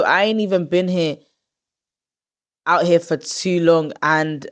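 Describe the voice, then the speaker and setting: A woman in her twenties hosting a podcast in casual chat. She talks in an expressive, rambling way, with drawn-out groans of disgust. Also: fairly low pitch. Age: 20s. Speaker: podcast host.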